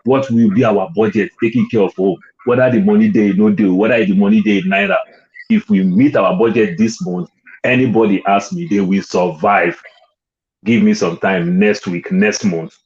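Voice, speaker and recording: A man's voice: on the low side, normal speed, a little mellow, lo-fi sound. A Nigerian man in casual conversation, slipping into Pidgin and making his points with emphasis. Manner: mixes in Pidgin, emphatic and persuasive. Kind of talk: casual chat.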